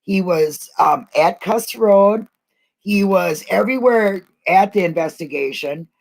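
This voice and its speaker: A woman's voice: mid-range voice, animated, a little slow, vocal fry, low-quality recording. A woman co-hosting a livestream in casual chat, rambling and joking and laughing often. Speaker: co-host of a livestream.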